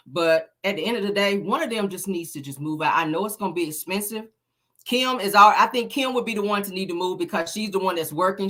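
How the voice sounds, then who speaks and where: Lady doing gossip commentary, kinda low voice, chatty and fed up. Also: a bit bright. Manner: chatty, exasperated, slangy. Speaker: show host.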